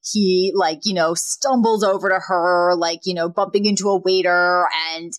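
A woman's voice: on the low side, moderate pace. A woman co-hosting a podcast, casually retelling a sitcom plot and acting out the characters' lines. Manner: lively storyteller, acts out characters' lines. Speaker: podcast co-host.

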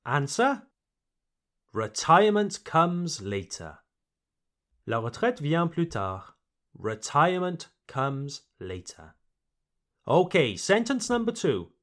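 A man teaching vocabulary on a podcast, speaking slowly and repeating each word so learners can follow. His voice sits a little high and swings through a lively melody. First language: English. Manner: slow, deliberate, repeats words for learners. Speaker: English teacher and podcast host. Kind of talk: bilingual vocabulary lesson.

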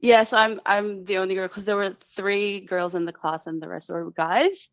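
A woman's voice: medium pitch, fairly even intonation, normal speed, dry recording. A woman in her twenties with a New Zealand accent, calling in to a podcast, hesitant with frequent ums and nervous laughs. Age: 20s. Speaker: caller. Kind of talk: phone-in call to a podcast.

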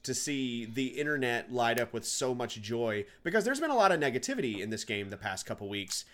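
A man's voice: medium pitch, big pitch swings, fairly quick, fairly bright tone. A man co-hosting a gaming podcast, chatting with upbeat enthusiasm and now and then announcing segments to listeners. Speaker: podcast co-host. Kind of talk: casual gaming podcast chat.

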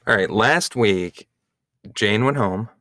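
Podcast guy bantering, bright tone, jokey, dry mic. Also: on the low side, slow, no room sound. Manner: playful, teasing, jokey. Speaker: podcast co-host. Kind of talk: casual banter.

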